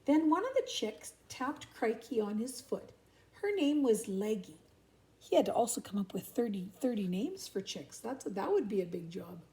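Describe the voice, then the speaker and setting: An older grandmother reading a picture book to her grandchildren, with chatty little asides. Her voice is mellow and rather high, and it rises and falls in a very lively way. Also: normal speed. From Canada.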